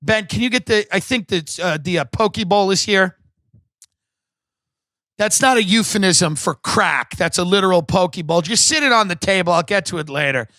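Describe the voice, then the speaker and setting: A man's voice: high-pitched, lively intonation, moderate pace, pushed and bright, dry recording. A man hosting a podcast, ranting in a profane, sarcastic, rambling comedic monologue from his home set. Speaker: podcast host.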